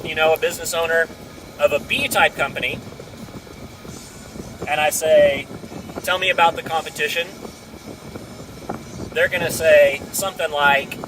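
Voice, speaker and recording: A man's voice: a little high, a little slow, long pauses, recorded from a distance, noisy background. A man talking through a business idea in a loose, thinking-aloud way, often restarting his sentences. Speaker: speaker sharing a business idea. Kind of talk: casual thinking-aloud monologue.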